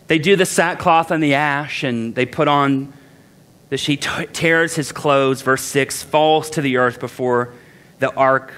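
A pastor preaches with a light, high-pitched man's voice. He keeps it conversational, jumps into character to act out the people in the text, and pokes fun at himself along the way. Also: a bit bright. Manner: conversational, self-deprecating asides. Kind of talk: sermon.

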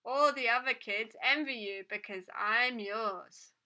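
A woman's voice: a little high, slow pace, pushed and bright, exaggerated voice. A woman voicing a metallic talking doll that repeats the same empty phrases in a stiff, insistent way. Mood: flat, insistent. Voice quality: metallic, phone-like. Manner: stiff, repetitive stock phrases.

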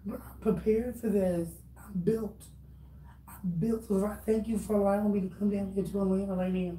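A woman's voice: medium pitch, flat delivery, normal speed, warm tone. Blunt, profane woman lecturing, echoey room. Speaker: YouTuber. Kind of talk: direct-address rant vlog. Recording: roomy echo, distant mic, faint noise.

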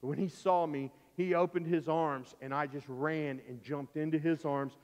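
A middle-aged male pastor preaching a sermon through a vivid personal story, swinging from loud, urgent lines to hushed ones. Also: a little high, fairly even intonation, moderate pace. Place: church sanctuary. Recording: dull, echoey church recording.

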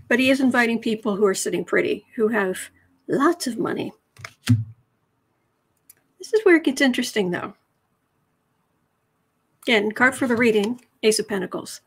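Chatty woman livestream host, slightly high voice. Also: lively intonation, a little slow, pauses often, slightly rough. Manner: chatty and rambling, self-correcting, mock-apologetic. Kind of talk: casual livestream chat reading comments.

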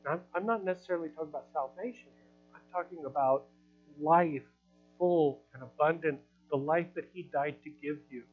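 A male pastor preaches in a relaxed, conversational way, acting out quotes and laughing at his own asides. His voice sits a little high for a man. The recording is dull and lo-fi, with faint music in the background. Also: a little fast. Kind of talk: sermon. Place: church hall.

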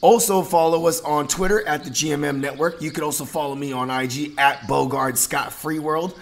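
A man's voice: a little high, fairly even intonation, brisk, gravelly. A man from San Jose co-hosting a podcast, chatting loosely and jokingly, peppering his talk with "you know what I mean". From east side San Jose, US. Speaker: podcast co-host. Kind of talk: casual podcast banter.

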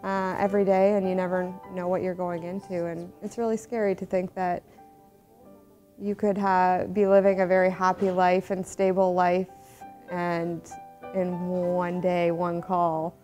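A woman's voice: fairly low pitch, little pitch movement, a little slow, darkish tone. A woman paramedic speaking candidly and matter-of-factly in a documentary interview. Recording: slightly dull audio with faint music behind.

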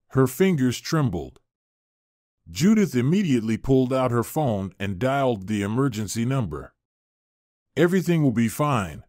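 A man narrating a scripted drama story with an expressive delivery. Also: medium pitch, no echo, studio quality.

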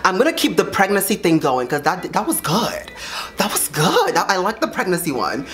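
A young adult woman vlogger making a prank phone call and talking to her viewers in a brash, excitable way, swearing freely. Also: on the low side, moderate pace.

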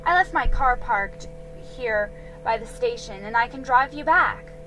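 A woman's voice: a little high, lively intonation, measured pace, bright, forceful tone, poor audio. A woman voicing a poised young woman detective, polite and assured, read over background music. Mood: calm, kind.

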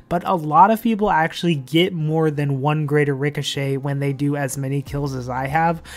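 Chatty man with a casual gaming vlog voice. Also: on the high side. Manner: chatty, loose, heavy on "like" and "you know". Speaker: gaming channel host. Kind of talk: casual game commentary vlog. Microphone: desk microphone.

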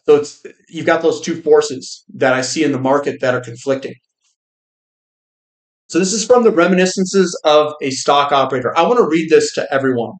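Casting: male finance host, quick and rambling, slightly high voice, roomy echo. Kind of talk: casual market commentary.

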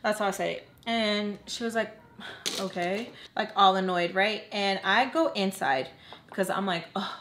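A woman telling her own story to the camera in a relaxed, conversational way. She talks fast, leaning on fillers and checking in with her viewers as she goes. Her voice sits in an ordinary middle range. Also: mid-range voice, a little hiss or hum. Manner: chatty, fast, full of "like" fillers and asides to viewers. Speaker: vlogger. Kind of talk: casual storytime narration.

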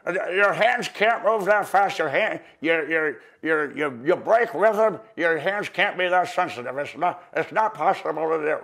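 A man putting on the voice of a gruff, dismissive old magic mentor, loud and halting. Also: a little high, lively intonation, voice pushed up. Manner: loud, halting, repeats words.

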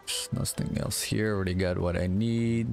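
A man's voice: fairly low pitch, fairly even intonation, moderate pace, gravelly, darkish tone, soft background music. A sleepy, yawning man streaming a game, rambling to himself in casual gameplay commentary. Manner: rambling, talks to himself while playing. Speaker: gaming streamer.

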